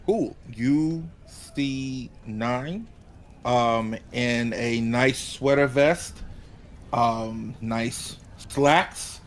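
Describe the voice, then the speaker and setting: A man in a tabletop game speaks quickly and trips over his words. His pitch is mid-range, with a faint hiss behind him. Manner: quick, stammering. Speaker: player. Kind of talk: playing a tabletop game in character.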